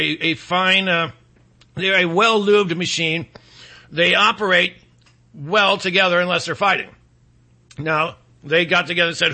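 A man from Michigan hosting a talk show, rambling and sarcastic, clearing his throat now and then between political rants and ad reads. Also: sits high, sharp tone. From Michigan, USA.

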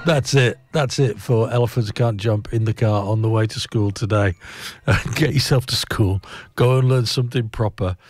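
A man's voice: fairly low pitch, normal speed. A man hosting a fun-facts show. He reads trivia playfully and theatrically, repeating words and laughing at his own facts. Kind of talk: playful fact reading. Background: loud background music.

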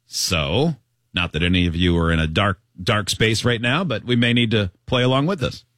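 A man's voice: on the low side, moderate pace, slight background noise. A man co-hosting a talk show, chatting casually and telling jokey stories. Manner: animated, jokey storytelling. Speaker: radio show co-host. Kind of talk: casual banter.

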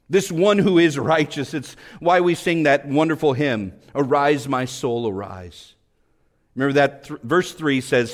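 A man preaching a sermon fervently, rising to emphatic peaks and dropping to hushed low passages. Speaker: pastor. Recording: long hall reverb.

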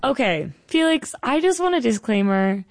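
A woman's voice: on the high side, big pitch swings, normal speed. Chatty woman co-hosting radio. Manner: chatty, teasing, self-deprecating. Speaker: music show co-host. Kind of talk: casual radio chat.

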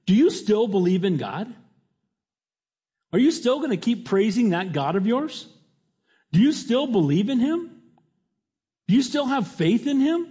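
A man putting on the voice of a grieving wife who mocks her husband in a high, exasperated tone. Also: big pitch swings, unhurried, pauses often, mellow, husky, full character voice. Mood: scornful. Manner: high-pitched, mocking and exasperated.

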